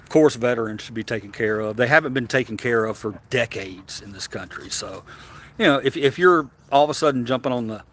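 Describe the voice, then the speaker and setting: A man's voice: mid-range voice, fairly quick, a bit bright. A man from Tennessee with a Southern accent, hosting a casual livestream, chatting and answering comments in a rambling way with stammered restarts. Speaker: livestream host.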